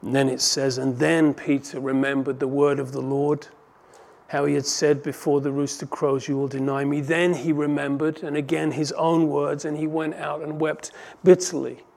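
A man delivers a sermon with a gravelly, slightly high voice. He reads scripture passages aloud and swings between emphatic stresses and hushed, reflective lines. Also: flat delivery, normal speed. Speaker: preacher. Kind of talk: expository sermon.

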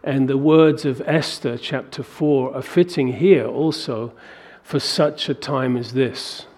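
A man preaching a sermon to a congregation, animated and acting out biblical dialogue in a raised voice. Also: mid-range voice, takes it slowly. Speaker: pastor.

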